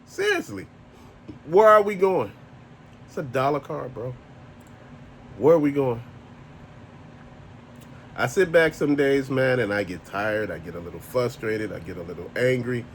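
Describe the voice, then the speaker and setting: A man's voice: mid-range voice, expressive, measured pace, pauses often, slight background noise. A married man ranting casually to camera as a toy collector vlogger, blunt, profane and exasperated. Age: adult, married.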